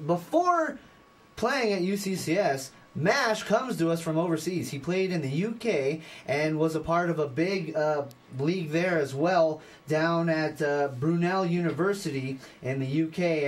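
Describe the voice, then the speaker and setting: A man's voice: a little high, unhurried. A young man hosting a college radio sports show, chatting casually and running through game stats with fillers and restarts.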